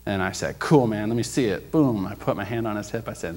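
Male preacher, lowish voice, energetic storyteller who acts out quotes, rises loud when preaching. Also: fairly quick, few pauses. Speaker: preacher sharing a testimony. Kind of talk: sermon storytelling. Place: church.

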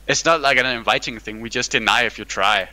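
Bright-voiced young guy joking around. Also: medium pitch, fairly quick, rough recording. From Denmark. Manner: joking, rambling, swears and laughs often. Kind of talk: casual gaming chat with a friend.

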